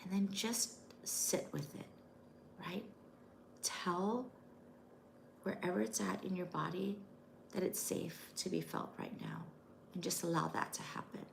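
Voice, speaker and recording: Middle-aged lady grief coach on a livestream, soft reassuring talk, low gravelly voice, a bit of faint noise behind. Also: very animated, measured pace, pauses often. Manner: gentle, reassuring, keeps saying "right?". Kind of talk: live-stream talk.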